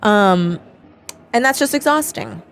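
At a measured pace and medium pitch, a woman chats casually as a podcast host. She spins animated stories, impersonating quoted voices and laughing often.

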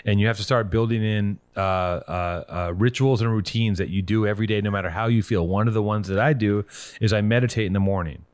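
A man hosting a call-in show, giving blunt, profane motivational talk and telling stories with animated energy. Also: fairly low pitch, quick pace, no room sound.

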